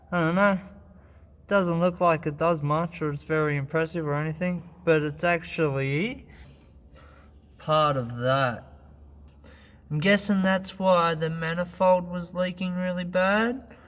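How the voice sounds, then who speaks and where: Young Australian man, car vlogger, casual and unhurried, fairly high, clear voice, heavy swearing. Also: a bit bright, big-room sound. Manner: laid-back, swears heavily when frustrated. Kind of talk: casual garage vlog.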